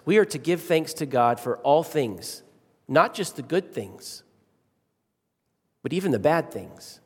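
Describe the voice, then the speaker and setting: A middle-aged male pastor preaching in a church sanctuary, his fairly high voice trailing off into a long hall reverb. He leans on repeated phrases and swings between slow, stressed lines and quick asides. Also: expressive, slightly rough. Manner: emphatic, varies pace and volume, repeats key phrases. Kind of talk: sermon.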